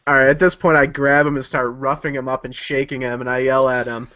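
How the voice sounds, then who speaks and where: Mid-pitched player, plain delivery, lo-fi. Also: male voice, level tone, brisk, pushed and bright. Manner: describes actions plainly. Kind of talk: casual tabletop play. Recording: dull lo-fi recording.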